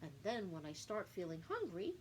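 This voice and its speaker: Woman doing a bragging swordfish, slow start rising high, storybook reading. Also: sing-song, a little mellow, a little hiss or hum, low-quality recording. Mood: boastful. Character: restless, boastful swordfish hunter. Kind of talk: storybook read-aloud.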